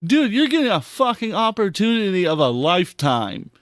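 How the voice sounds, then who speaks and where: A man hosting a podcast, reacting to clips in an excitable, heavily profane rant. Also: high-pitched, moderate pace, no room sound, studio quality. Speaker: podcast host. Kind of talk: casual commentary on clips.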